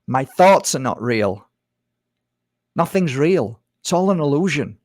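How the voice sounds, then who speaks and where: A man giving a reflective spiritual monologue, talking conversationally, repeating himself and slipping into quick mimicry of others. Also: a little high, sing-song, darkish tone, no room sound, studio quality. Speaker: spiritual speaker.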